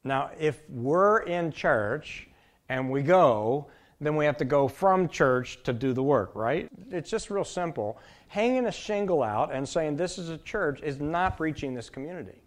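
A man's voice: fairly high pitch, lively intonation, a little slow. Emphatic male preacher. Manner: emphatic, swings from loud to soft, repeats his points. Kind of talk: sermon.

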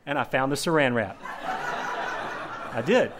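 A man preaching a sermon as pastor, telling a story with animated swings between loud emphasis and hushed asides. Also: mid-range voice, unhurried, background noise.

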